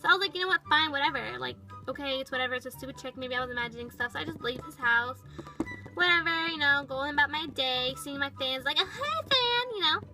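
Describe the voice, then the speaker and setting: A woman's voice: high-pitched, lively intonation, fast talker, over music, low-quality recording. A woman voicing a bratty, dramatic young female toy pet, telling a toy storytime with valley-girl chatter full of "like". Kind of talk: toy-figure storytime narration.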